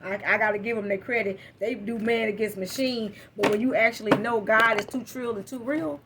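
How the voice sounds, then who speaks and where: High-voiced, blunt, swearing woman tarot reader. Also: a little fast, heavy background noise. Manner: blunt, profane, fired-up. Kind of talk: casual live tarot reading. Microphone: phone.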